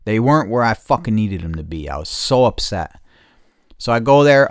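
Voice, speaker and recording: A podcast host with a low-pitched, brisk voice tells stories in a casual, rambling way, swearing a lot, restless, and repeating himself. The audio is studio quality with no echo.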